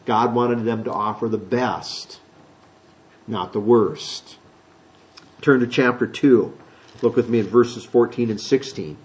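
A man preaching a sermon, teaching from the Bible in a chatty, folksy way, reading scripture aloud and slipping into quick voices. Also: mid-range voice, low-quality recording. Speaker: pastor.

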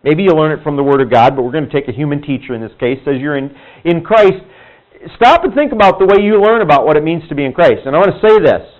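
A male Bible teacher talks to his class in a relaxed, conversational way. His somewhat high voice rises and falls a lot as he acts out the people in his stories. The recording sounds muffled and lo-fi. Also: fast talker. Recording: dull lo-fi room recording.

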